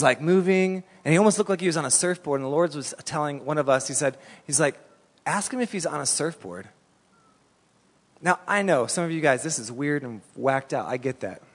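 A man preaching a sermon, telling a story animatedly in a casual, colloquial way. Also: fairly high pitch. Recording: long reverb in a large hall.

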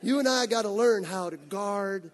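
A man's voice: high voice, normal speed. A man preaching a sermon, telling a story animatedly and acting out the scenes. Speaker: pastor.

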